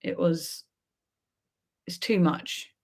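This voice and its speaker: A woman's voice: lowish voice, extremely slow, gravelly, darkish tone. Chatty woman on a livestream. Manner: rambling, chatty, laughs often. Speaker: music reaction YouTuber. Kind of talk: casual livestream chat.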